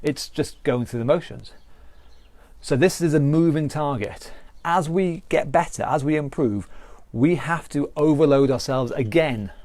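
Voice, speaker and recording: A man's voice: on the high side, measured pace, darkish tone, no echo. Earnest British male fitness instructor. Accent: British English. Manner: earnest, repetitive explaining with restarts. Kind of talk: live online exercise class talk.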